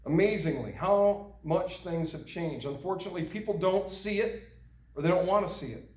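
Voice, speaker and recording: A man's voice: sits high, moderate pace, darkish tone, distant mic. Earnest older man speaking in an echoey room. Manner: earnest, rhetorical questions. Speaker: meeting speaker. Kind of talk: speech to a small group. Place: meeting room. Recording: echoey room, mic from afar.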